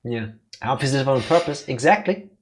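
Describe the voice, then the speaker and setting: A man's voice: medium pitch, animated, a little hiss or hum. A man co-hosting a let's play, chatting casually and reading game dialogue aloud with a playful, punning manner. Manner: playful, punning, quick asides.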